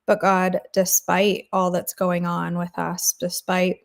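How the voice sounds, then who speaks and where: A woman's voice: lowish voice, completely flat delivery, takes it slowly, gravelly. A woman hosting a daily devotional, leading an earnest spoken prayer and then chatting casually with her listeners. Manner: earnest, intercessory, repetitive phrasing. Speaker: devotional host.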